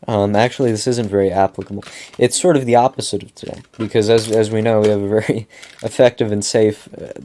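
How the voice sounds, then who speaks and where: A young man with a somewhat low voice vents into his vlog camera. He rambles, circles back on the same phrases and swears freely. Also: a little mellow, a little hiss or hum. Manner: swears a lot, rambling with repeats. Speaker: vlogger. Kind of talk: casual venting monologue.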